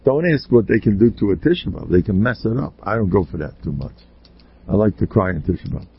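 A man, a rabbi, delivering a blunt and emphatic Torah lecture full of rhetorical questions, often pushing up into high exclamations. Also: animated, fast, gravelly, slightly rough. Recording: slightly dull, lo-fi recording.

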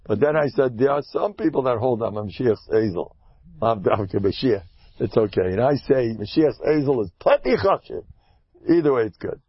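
Older husky rabbi, animated talk. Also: male voice, normal speed, no room sound. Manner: animated, swings to loud high exclamations and hushed asides. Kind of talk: lively Torah talk with jokes. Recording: dull dry lo-fi recording.

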